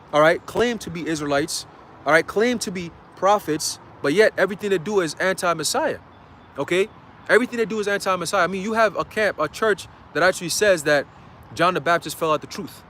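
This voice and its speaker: Casual high-voiced man preaching a livestream. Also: a little fast, a bit bright, slight background noise. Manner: conversational, filler-heavy, reads scripture aloud. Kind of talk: livestream sermon, casual street talk.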